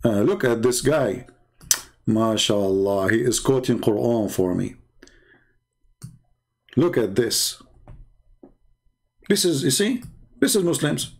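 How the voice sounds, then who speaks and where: A man hosting a debate livestream, talking in a mocking, scornful and emphatic way, with non-native English and broken grammar, his voice slightly hoarse. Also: medium pitch, animated, takes it slowly, pauses often. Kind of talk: livestream commentary while calling viewers.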